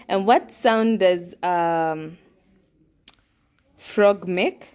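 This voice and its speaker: A woman's voice: medium pitch, lively intonation, takes it slowly. A woman, a mother and host, patiently asking her young child simple questions one at a time. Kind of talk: teaching a young child at home.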